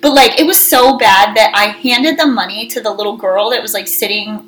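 A woman co-hosting a casual chat, telling animated stories and acting out her own yelling. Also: medium pitch, normal speed, a loud crowd, poor audio. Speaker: co-host.

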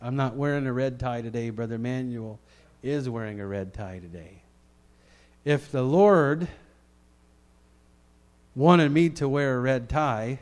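A middle-aged man with a mid-range voice delivers a sermon, talking conversationally and with animation as he swings between loud proclamations and quiet asides.

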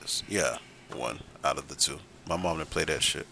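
A man's voice: extremely low pitch, moderate pace, creaky, bright, forceful tone, no room sound. A man in a casual podcast chat, talking bluntly and unapologetically with plenty of swearing. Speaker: podcast co-host.

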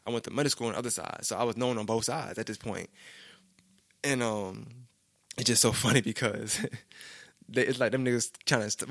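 A man's voice: lowish voice, fairly bright tone, no echo, clean studio sound. A young man, telling a rambling street story in casual slang with frequent restarts. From Brooklyn, New York.

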